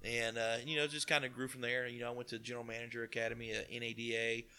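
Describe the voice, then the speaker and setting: Southern man with an East Tennessee accent, forceful bright tone, folksy anecdotes, mid-range pitch. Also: fast, clean tone. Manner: folksy, animated retelling with quoted dialogue. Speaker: car dealership partner. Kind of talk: casual storytelling interview.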